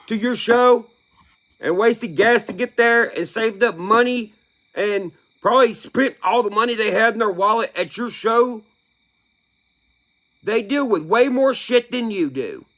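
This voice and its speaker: A man's voice: sits high, unhurried, fairly bright tone. A young man, a country music artist, ranting bluntly with heavy swearing. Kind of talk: profane opinion rant.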